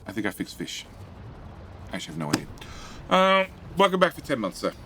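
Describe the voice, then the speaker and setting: Chatty male game streamer, lively pitch. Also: brisk, noisy background. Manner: chatty, muttering to himself while building; reads out and greets chat. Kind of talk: live gameplay commentary.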